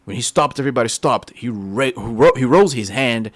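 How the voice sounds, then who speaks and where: Man with brazilian accent, preaching testimony, animated storyteller, dry close sound. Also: medium pitch, normal speed, dry recording. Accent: Brazilian Portuguese. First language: Portuguese. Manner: excitable, animated storytelling with quoted dialogue. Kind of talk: testimony sermon.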